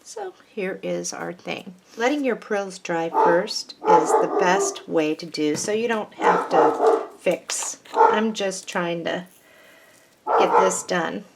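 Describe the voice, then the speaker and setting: A woman's voice: lowish voice, takes it slowly, vocal fry, very noisy. A woman hosting a craft tutorial, patiently talking through each step of a paper flower project as she works.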